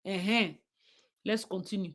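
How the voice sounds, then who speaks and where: A woman's voice: medium pitch, steady tone, a little slow. A young woman with a Nigerian accent, hosting a livestream and giving blunt, outspoken commentary. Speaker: livestream host.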